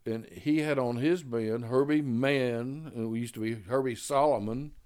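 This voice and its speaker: An older jazz musician spins long, casual stories about his early days, sprinkling in "you know" and "man." He speaks a little slowly in a smooth, slightly mellow voice, raising his pitch to act out the people he quotes.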